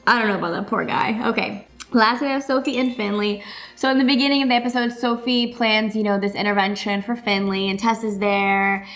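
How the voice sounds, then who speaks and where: A woman's voice: mid-range voice, steady tone, a little fast, fairly bright tone. A woman chatting casually through a TV episode recap, her talk full of "like" and "you know" fillers. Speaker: vlogger reviewing a TV episode.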